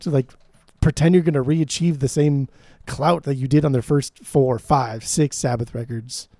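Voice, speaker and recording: A man's voice: mid-range voice, fairly even intonation, normal speed, dark tone, dry recording. A man co-hosting a casual music podcast, arguing in a dismissive, sarcastic way. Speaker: podcast co-host. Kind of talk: casual chat about music and records.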